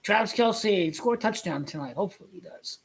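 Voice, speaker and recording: A man's voice: high-pitched, expressive, a little fast, slightly rough, poor audio. A man giving a casual football rant as a vlogger, blunt and profane, rambling with stumbling restarts.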